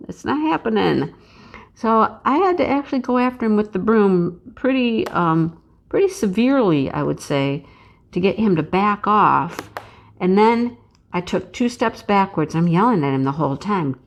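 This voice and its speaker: A woman hosting a casual chat vlog, telling an animated, rambling story and laughing often. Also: lowish voice, measured pace, gravelly. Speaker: craft channel host.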